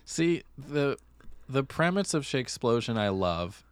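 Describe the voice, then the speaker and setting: A man's voice: medium pitch, very animated, a little slow, clear, resonant tone, no echo. A man co-hosting a podcast in casual chat, reacting with playful quips. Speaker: podcast co-host.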